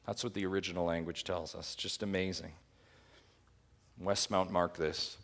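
A male pastor preaching a sermon in a church, impassioned, dropping to hushed lines and rising to loud emphatic cries. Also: low voice, little pitch movement, moderate pace, pauses often.

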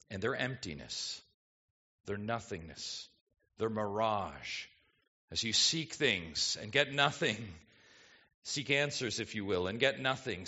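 Pastor, male, lively sermon delivery full of rhetorical questions, bright voice, slightly muffled recording. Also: fairly high pitch. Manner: animated preaching, rhetorical questions, swings between soft and emphatic.

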